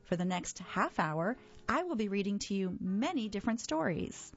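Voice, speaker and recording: A woman reading a children's story aloud for a reading service, in a gentle, clear storytelling manner. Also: medium pitch, sing-song, normal speed, muffled recording. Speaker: audio reader for a reading service.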